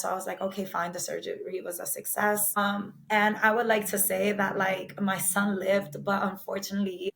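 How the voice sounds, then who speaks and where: Woman, podcast guest; somber, halting storyteller with many fillers; mid-range voice. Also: mid-range voice. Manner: somber, emotional retelling. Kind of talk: personal storytelling.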